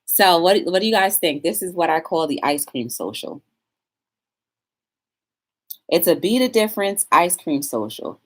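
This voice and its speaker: Lively chatty woman hosting a stream. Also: fairly low pitch, a little slow, long pauses. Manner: chatty, talks straight to viewers, reads quotes aloud with emphasis. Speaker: talk show host. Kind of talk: casual live-stream chat.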